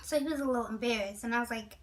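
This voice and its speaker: High-voiced chatty woman vlogger. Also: rapid-fire, far from the mic, a little hiss or hum, low-quality recording. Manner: chatty, animated, with asides to viewers. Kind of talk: storytime vlog.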